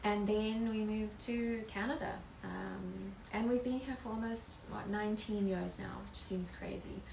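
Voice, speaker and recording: A South African woman in her forties speaks as a guest in a casual chat, friendly and open. Her voice has a gravelly edge and rings in a reverberant room with faint noise behind. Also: medium pitch, fairly even intonation, unhurried, a little mellow. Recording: echoey room.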